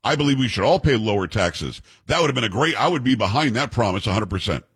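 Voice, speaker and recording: A man hosting a talk radio show, delivering a rapid, blunt, opinionated monologue into a studio microphone. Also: medium pitch, expressive, fairly bright tone, breathy edge.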